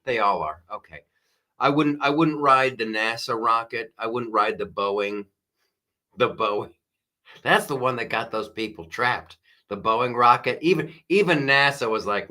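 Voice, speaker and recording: Bright-voiced jokey male live-stream host. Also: mid-range voice, measured pace. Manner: animated, jokey, mimics voices, laughs often. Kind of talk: live-stream commentary chat.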